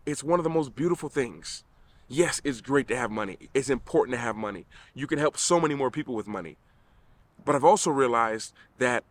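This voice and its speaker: A man's voice: medium pitch, a bit bright. A middle-aged man giving an earnest motivational talk to camera, emphatic, often restarting his sentences. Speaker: vlogger.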